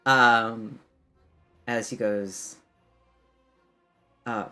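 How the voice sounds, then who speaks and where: A man's voice: fairly low pitch, steady tone, extremely slow, pushed and bright, smooth, soft background music. A man narrating and ruling as game master in a tabletop game, casual with many fillers.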